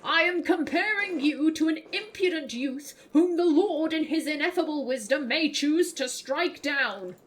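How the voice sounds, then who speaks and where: Old touchy monk, a woman reading him in a high, unhurried voice for a game. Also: expressive, slight background noise. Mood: indignant. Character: elderly male monk, touchy and solemn.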